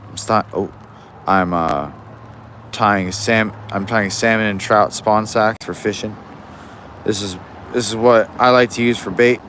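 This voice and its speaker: Young man, low voice, loose rambling livestream chat on a phone outdoors, faint city noise behind. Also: steady tone, a little slow, fairly bright tone. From Alaska. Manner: rambling, easygoing, many restarts. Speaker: fishing livestreamer. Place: outdoors in the rain.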